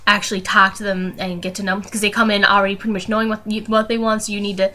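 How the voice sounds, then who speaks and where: A young woman talks straight to her camera in a loose, rambling way, full of fillers and false starts. Her voice is bright and forward, and a faint hum sits behind her. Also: medium pitch, little pitch movement, racing. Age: young adult. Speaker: vlogger. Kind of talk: casual storytelling.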